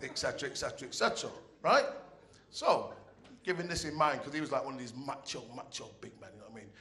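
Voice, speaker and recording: A man's voice: medium pitch, animated, fast talker, a bit bright. A man doing stand-up storytelling on a club stage into a handheld mic, chatty and profane, often checking in with the crowd. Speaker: comedian. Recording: roomy club echo.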